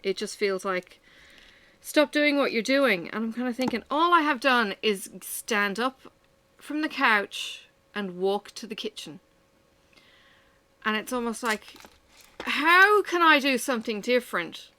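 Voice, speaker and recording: A woman's voice: fairly high pitch, lively intonation, measured pace, sharp tone. A woman chatting at home while she works on a craft, venting candidly about her day with frequent sighs. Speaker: vlogger. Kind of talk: casual chat while crafting.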